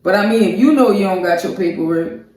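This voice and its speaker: Man, reaction co-host, slangy casual recap, animated, distant mic, very echoey room. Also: high-pitched, fast. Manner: slangy, animated, acts out quotes from the show.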